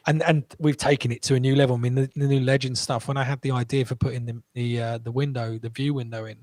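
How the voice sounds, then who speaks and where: Animated man telling stories. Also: medium pitch, no echo. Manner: animated, quick restarts, acts out quotes. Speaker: guest entrepreneur. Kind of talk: casual interview storytelling.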